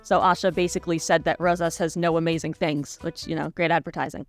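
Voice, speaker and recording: A woman's voice: sits low, little pitch movement, fast talker, faint music behind. Wry woman reading a video essay. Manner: analytical, wry. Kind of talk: scripted video essay narration.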